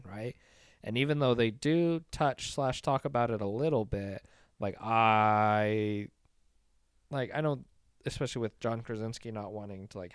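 A man's voice: fairly low pitch, clean tone, no echo, clean studio sound. A man hosting a film podcast in casual chat, hesitant and full of fillers, asking his co-hosts questions. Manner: hesitant, filler-heavy, asks the others questions.

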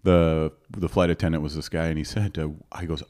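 A Canadian stand-up comedian with a Canadian accent, chatting on a podcast as an animated storyteller who often restarts his sentences. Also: very deep voice, fairly quick. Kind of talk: casual podcast chat.

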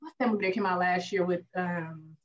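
A woman co-hosting a casual movie review podcast, speaking, animated, acting out lines from the film and laughing often. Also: lowish voice, brisk, far from the mic, lo-fi sound. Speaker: podcast co-host.

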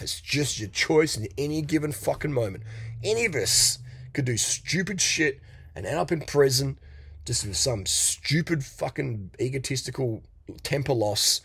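A man's voice: mid-range voice, animated, moderate pace, gravelly, fairly bright tone, husky, dry recording. A middle-aged man giving a blunt, profane motivational rant as a coach, mocking and laughing often. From Australia.

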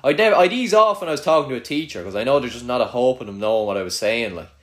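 A man's voice: mid-range voice, expressive, racing, a bit bright. A young man with a rural Irish accent chatting casually, swearing freely and trailing off into mutters. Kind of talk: casual chat.

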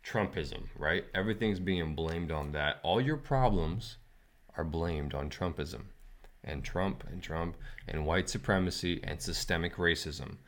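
A man's voice: low voice, a little slow. A man co-hosting a casual commentary chat, telling stories in an earnest, preachy way.

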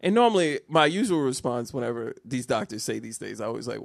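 Man, comic storyteller, lively rising and falling pitch, dry close sound, laughs often. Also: moderate pace, creaky, dry recording. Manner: animated, laughs a lot, restarts while telling stories. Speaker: podcast co-host. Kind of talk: comedic storytelling chat.

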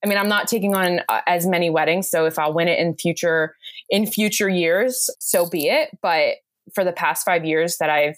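Brief: American woman guest, low-ish voice, effusive and chatty, dry close sound. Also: normal speed, no room sound. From United States. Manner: effusive, gushing, repeats "quite literally". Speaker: guest, bridal makeup artist. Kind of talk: casual interview chat.

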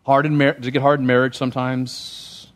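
A man's voice: medium pitch, level tone, a little fast. A man preaching a sermon as pastor, in a casual, conversational way, often asking the congregation questions. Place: church sanctuary.

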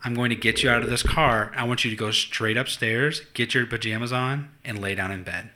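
A young man co-hosting a casual podcast, telling stories at a quick clip. His voice is bright and forward, and he swears freely and acts out every quote with gusto. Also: medium pitch, a little hiss or hum. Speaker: podcast co-host. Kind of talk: casual chat.

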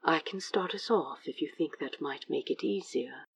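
A woman voicing a gentle, affectionate man who speaks softly and coaxingly, at times in a whisper, in a fan audio drama. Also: low-pitched, moderate pace, gravelly, breathy edge, no echo, far from the mic, exaggerated voice, poor audio. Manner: soft, tender, sometimes whispered.

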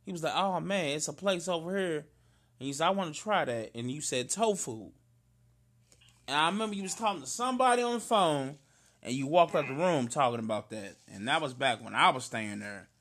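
Animated, bright-voiced St. man. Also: fairly high pitch, fairly quick. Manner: loud, animated storyteller, slangy and emphatic. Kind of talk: casual chat between cousins.

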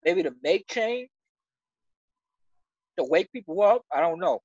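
A man giving an emotional personal testimony in conversation, earnest and halting, stumbling over restarts and near tears. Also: high voice, lively intonation, darkish tone, slightly rough, no echo, lo-fi sound. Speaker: church member sharing his story.

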